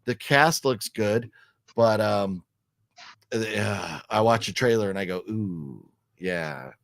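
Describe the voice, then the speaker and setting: A man's voice: medium pitch, dry recording, clean studio sound. A middle-aged man hosting a casual vlog, talking through his opinions in a rambling way, with lots of ums and restarts. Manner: acts out quoted lines while telling a story. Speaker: vlog host reviewing a horror movie trailer.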